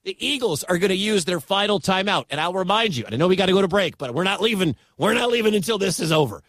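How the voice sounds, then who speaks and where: A man calls a football game live on radio, his high voice rising into shouts when the play gets big. The sound is dry and close, with no room around it. He rushes through the action with plain excitement. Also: no room sound. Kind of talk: live radio sports commentary.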